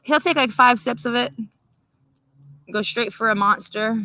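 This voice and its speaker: Bright-voiced woman rambling. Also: on the high side, measured pace, no room sound, rough recording. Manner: rambling, profane and laughing. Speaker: livestream host. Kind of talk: casual late-night chat.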